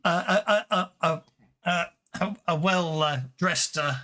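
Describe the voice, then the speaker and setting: A man narrating as game master in a tabletop game, halting with many fillers. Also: sits high, sharp tone.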